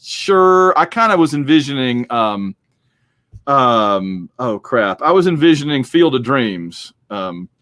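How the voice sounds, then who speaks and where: A man's voice: medium pitch, sing-song, takes it slowly, fairly bright tone, dry recording. A man hosting a podcast, chatting casually and rambling through a movie discussion. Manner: rambling, chatty, acts out quotes. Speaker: podcast host.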